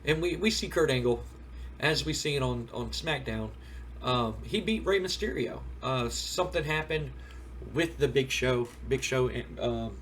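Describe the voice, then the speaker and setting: A man's voice: medium pitch, expressive, unhurried, a bit bright, slight background noise. Rambling man recapping a game. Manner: rambling, storytelling. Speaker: game streamer. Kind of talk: casual recap of a wrestling sim playthrough.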